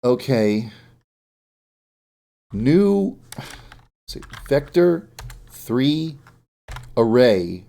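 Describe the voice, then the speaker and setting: A man's voice: medium pitch, sing-song, drawn-out words, vocal fry, pauses often, mellow. Man muttering through a coding stream. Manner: mutters to himself while working, with jokey asides. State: sleepy. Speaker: indie game developer streaming. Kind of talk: live-stream coding commentary.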